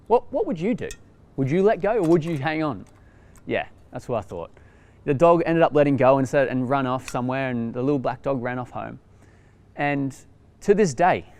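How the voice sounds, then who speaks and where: A young Australian man, a youth pastor, telling a story in a casual, animated way with lots of fillers and restarts. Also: medium pitch.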